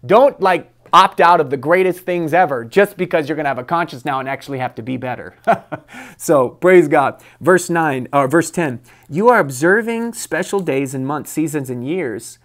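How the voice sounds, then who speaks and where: A man's voice: a little high, expressive, normal speed, a bit bright. A man preaching a weekly devotional with plenty of emphasis and conviction. He moves between reading scripture and urging his listeners on. He chuckles now and then at his own anecdotes. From United States. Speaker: pastor. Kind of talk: devotional sermon.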